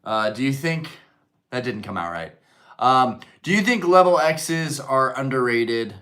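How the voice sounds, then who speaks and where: A man's voice: mid-range voice, animated, measured pace, sharp tone. A man hosting a live stream in casual chat, rambling with lots of fillers while answering the chat.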